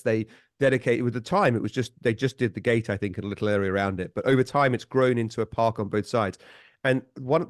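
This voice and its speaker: A man guest on a podcast, telling stories in a lively way and chuckling often. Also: medium pitch, no echo, studio quality. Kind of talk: casual storytelling chat.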